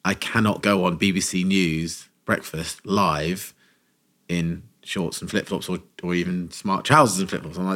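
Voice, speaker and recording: Man, deep voice, casual storytelling, acts out quotes. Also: a little slow. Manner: animated anecdote teller, acts out quotes. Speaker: podcast co-host telling a story.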